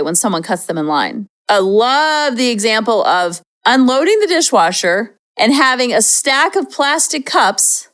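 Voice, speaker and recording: A woman's voice: on the high side, fairly bright tone. Upbeat chatty woman podcast host. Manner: chatty and upbeat, slips into playful acted demonstrations. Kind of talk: casual advice monologue.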